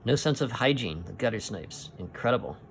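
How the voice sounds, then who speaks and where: A man reading aloud as a gruff, irritable old sea captain from a comic, with blustering exclamations. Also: on the low side, animated, a little fast, slight background noise. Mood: disgusted. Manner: exclamatory, grumbling outbursts.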